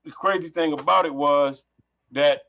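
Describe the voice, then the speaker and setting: A man's voice: on the high side, moderate pace, creaky, sharp tone. A middle-aged man from Los Angeles, a podcast guest telling a story over a headset, rambling with many restarts and swearing. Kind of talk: casual storytelling on a remote call.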